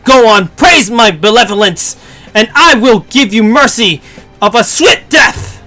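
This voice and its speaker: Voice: expressive, pushed and bright, faint music behind. A streamer doing a haughty human-hating god. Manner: haughty, booming, drawn-out proclamations. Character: arrogant male god who despises humans. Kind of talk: reading a game script aloud on stream.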